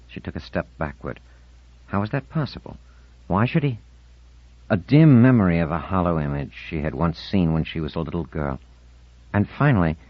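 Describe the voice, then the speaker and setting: A man reading a novel aloud as an audiobook narrator, in a measured, expressive reading. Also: low voice, no room sound. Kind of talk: scripted narration. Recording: dull, dry studio recording.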